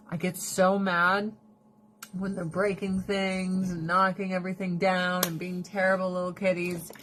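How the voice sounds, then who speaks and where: A woman in her thirties chatting casually to her viewers, swearing freely and ranting with animated storytelling. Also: on the low side, a little hiss or hum. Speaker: vlogger. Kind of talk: casual chat.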